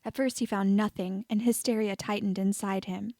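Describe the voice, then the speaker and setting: A woman reading fan fiction aloud as an audiobook narrator, steady and even. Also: mid-range voice, moderate pace, no room sound, clean studio sound. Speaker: audiobook reader.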